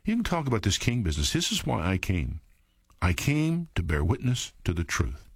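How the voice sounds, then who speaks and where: A man's voice: fairly low pitch, huge pitch swings, moderate pace, slightly rough, dry recording, studio quality. A man teaching a sermon, reading verses aloud and then commenting on them in a plain, conversational way that speaks directly to his listeners. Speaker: Bible teacher.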